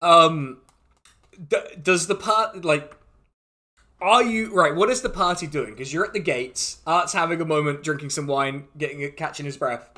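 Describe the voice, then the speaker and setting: A man's voice: a little high, moderate pace, sharp tone. A man running a tabletop game as dungeon master, chuckling often and rambling loosely with plenty of fillers.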